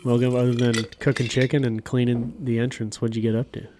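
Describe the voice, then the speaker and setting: A man's voice: medium pitch, level tone, brisk, background noise. A man co-hosting a podcast, chatting casually over drinks, laid-back, laughing along and trailing off as he hunts for words. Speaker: podcast co-host.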